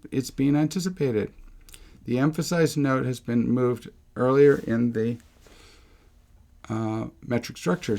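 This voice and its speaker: A man's voice: medium pitch, vocal fry. A middle-aged man teaching a music theory lesson, talking through examples, asking himself questions and correcting himself as he goes. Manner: thinking aloud, rhetorical questions, self-corrections.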